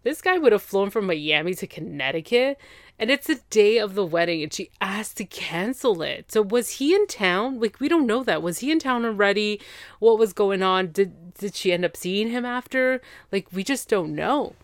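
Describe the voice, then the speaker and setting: A woman's voice: medium pitch, expressive, moderate pace, dry recording, clean studio sound. A woman hosting a podcast, casually recapping reality TV in an opinionated, gossipy and exasperated way.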